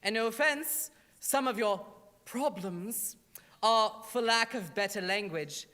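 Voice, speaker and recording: A woman's voice: mid-range voice, slow pace. A woman voicing a sassy, campy Satan in a put-on British accent, mocking the audience theatrically in a church comedy monologue. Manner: mocking, theatrical, loud and exaggerated. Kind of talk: comic drag monologue. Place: church sanctuary. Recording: reverberant church hall.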